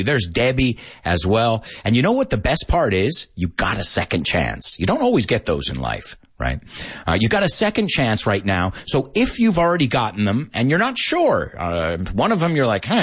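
Joking with his students during a live-streamed English class, this man has a husky voice and a pitch that rises and falls energetically. Speaking quickly enough to get slightly winded, he spells out words letter by letter and slips in Spanish translations.

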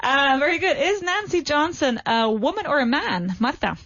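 Cheery woman english teacher, slightly high voice, dull dry studio sound. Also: animated, moderate pace, a bit bright, no room sound. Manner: upbeat, encouraging, corrects pronunciation. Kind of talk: classroom language lesson.

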